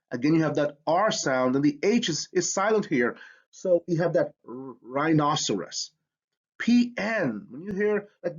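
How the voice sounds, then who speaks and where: A man's voice: a little high, slightly rough, muffled recording. A man teaching a spelling lesson, explaining with enthusiasm. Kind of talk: educational lesson.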